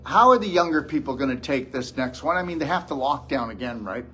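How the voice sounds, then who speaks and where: A man's voice: mid-range voice, expressive, a little fast, bright, forceful tone, soft background music. A man giving a blunt, scolding motivational lecture to a live audience as a wellness show host.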